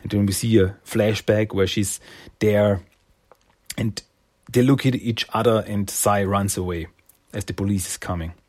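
A man's voice: on the low side, fairly even intonation, a little slow, a little mellow. A man casually recapping a comic issue, rambling and loose with many fillers. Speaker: comic reviewer.

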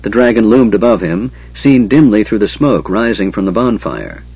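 A man narrating a fantasy audiobook in a steady, measured way. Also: fairly low pitch, slightly rough. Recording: dull lo-fi audiobook recording.

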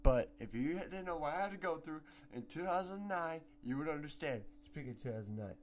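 A teenage boy hosting a casual solo sports podcast at home, rambling and excitable, sometimes breaking into shouts. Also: a little high, a little fast. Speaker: podcast host. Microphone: home microphone.

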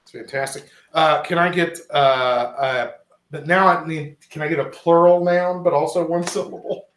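A man's voice: a little high, fairly even intonation, moderate pace, a bit bright, echoey room. A man hosting a casual radio word game, coaxing the players along in a playful way and often trailing off. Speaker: host running a word game. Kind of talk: casual radio show chat.

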